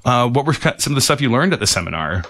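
Relaxed, encouraging interview host. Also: medium pitch, fast talker. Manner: relaxed, encouraging, short backchannel replies. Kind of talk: casual interview chat.

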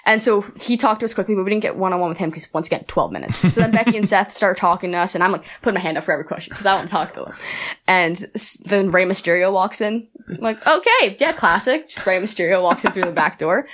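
A woman's voice: lowish voice, a bit bright. Chatty young woman telling a story. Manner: fast, chatty storytelling full of "like" and laughter. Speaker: aspiring wrestler guest. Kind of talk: casual interview chat.

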